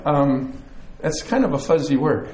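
A man's voice: a little high, unhurried. A man preaching a sermon from a church, an easygoing storyteller who eases in with a joke. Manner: relaxed storyteller, easygoing with fillers. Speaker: pastor. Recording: roomy echo.

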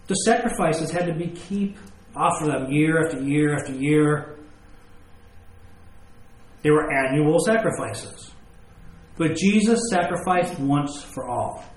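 Emphatic man preaching in an echoey room. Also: on the high side. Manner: emphatic, repeats key words, stresses points with questions. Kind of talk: sermon.

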